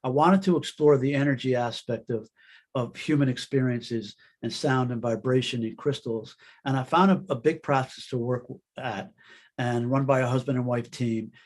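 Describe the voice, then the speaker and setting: A man, a guest author, telling a personal story in an interview, in an earnest, halting way with many restarts. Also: mid-range voice.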